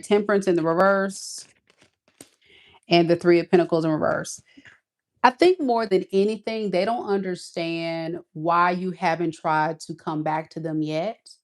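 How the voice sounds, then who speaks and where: A woman giving a casual tarot reading, talking in a blunt, sassy, emphatic way. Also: lowish voice. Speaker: tarot reader.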